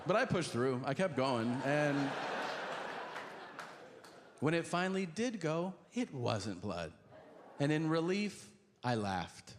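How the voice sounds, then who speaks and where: Stand-up comic in an echoey hall. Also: male voice, a little high, slow pace, long pauses. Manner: deadpan storytelling with acted-out voices. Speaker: stand-up comedian. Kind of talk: stand-up comedy. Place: large theater stage with audience. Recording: echoey hall with audience noise. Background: audience laughter.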